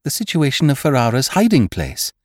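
An earnest young man speaks with eager urgency, as a male narrator plays him. His voice leaps lively in pitch, recorded close and dry. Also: moderate pace, no room sound. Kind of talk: audiobook character voice.

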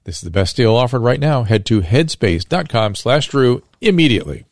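A man hosting a podcast, reading sponsor ads briskly and then questioning a guest. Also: medium pitch, sing-song, no room sound, studio quality. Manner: brisk promotional delivery. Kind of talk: ad read and interview.

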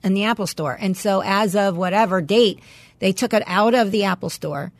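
A woman co-hosting a podcast in casual chat, quick to agree and laugh along. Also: mid-range voice, dry recording. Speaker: podcast co-host.

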